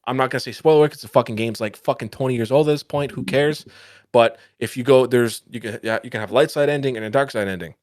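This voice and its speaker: A man co-hosting a casual podcast, ranting in profane, animated bursts. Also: medium pitch, quick pace, no echo, studio quality. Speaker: podcast co-host.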